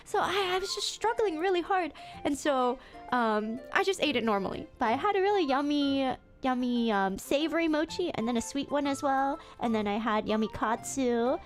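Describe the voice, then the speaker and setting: Woman vtuber rambling through a story, really high voice, keeps laughing and tripping over her words, soft music underneath. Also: fairly quick. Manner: animated storytelling with frequent laughter; self-repeating, stumbling restarts. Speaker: VTuber streamer. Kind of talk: casual chat stream.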